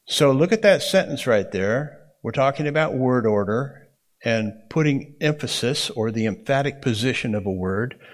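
A man's voice: mid-range voice, lively intonation, moderate pace. A man teaching a Bible interpretation class to students in a classroom. He talks conversationally and keeps checking in with "okay?".

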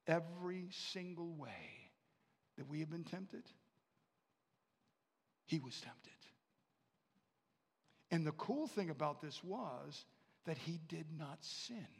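High-voiced man preaching in a reverberant hall. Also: gravelly, breathy edge. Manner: swings from hushed to loud preaching; repeats phrases for emphasis. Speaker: pastor. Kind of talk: sermon.

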